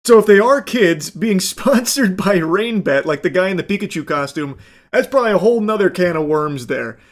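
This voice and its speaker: High-pitched male commentator, sarcastic and profane, reaction video host. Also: animated, moderate pace. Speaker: commentary YouTuber.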